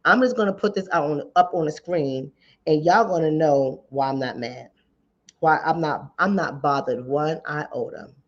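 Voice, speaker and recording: A woman's voice: deep voice, normal speed, highs cut off. A woman relationship coach, giving emphatic, repetitive commentary straight to her viewers. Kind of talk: casual commentary to camera.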